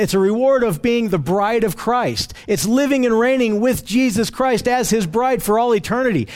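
A man's voice: sits high, darkish tone. A man leading a verse-by-verse Bible teaching in an earnest, emphatic way. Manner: earnest, emphatic, with frequent restarts.

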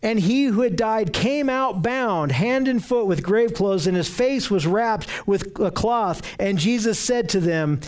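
High-voiced man preaching a sermon. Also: expressive, measured pace, hardly any pauses, a little mellow. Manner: earnest, repeats words while searching for phrasing. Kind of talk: sermon with scripture reading.

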